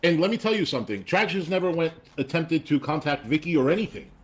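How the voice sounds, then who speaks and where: A man telling gossip fast on a stream clip. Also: a little high, animated, slightly rough. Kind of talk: chat on a played stream clip.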